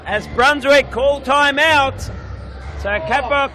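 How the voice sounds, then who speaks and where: Commentating live on a futsal match in an indoor stadium, this man has a very high, bright, forceful voice and takes it slowly. He's chatty and jokey, bantering with the referee, with sports-hall crowd noise and soft background music behind him.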